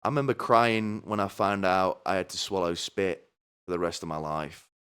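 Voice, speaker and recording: A man's voice: deep voice, moderate pace, a bit bright, clear, resonant tone. A man hosting a comedy podcast, ranting in a crude, sardonic way, swearing a lot and asking "right?" over and over. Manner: asks the listener "right?" again and again. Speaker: podcast host. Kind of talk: comedic rant.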